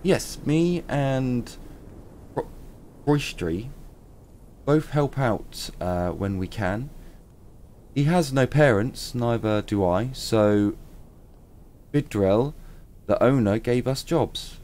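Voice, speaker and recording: A man's voice: medium pitch, lively intonation, takes it slowly, long pauses, darkish tone, a little hiss or hum. A man voicing a young woman who mops a tavern floor, sniffly and apologetic, suffering from allergies. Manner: sniffly, apologetic, sneezes mid-sentence.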